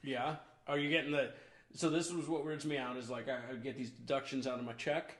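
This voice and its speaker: A man's voice: mid-range voice, steady tone, brisk, fairly bright tone, roomy sound. A man in casual podcast chat, throwing in dry wisecracks and short replies.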